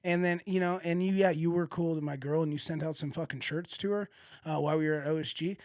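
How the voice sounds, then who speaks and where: A man's voice: fairly high pitch, fast, no echo, studio quality. A man hosting a podcast, telling stories in casual chat, swearing a lot and acting out the people he quotes. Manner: profane, animated storytelling with acted quotes. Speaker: podcast host.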